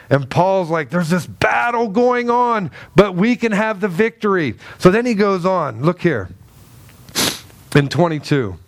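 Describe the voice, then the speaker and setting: A pastor preaching a sermon, swinging from hushed asides to loud urgent pleas, repeating phrases and acting out quoted voices. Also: male voice, a little high, no echo.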